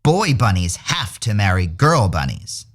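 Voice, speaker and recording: A drag queen voicing a pompous, bossy male stink bug in a storybook reading, talking low and slow. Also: sing-song, heavily acted. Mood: haughty. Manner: haughty, slow and self-important.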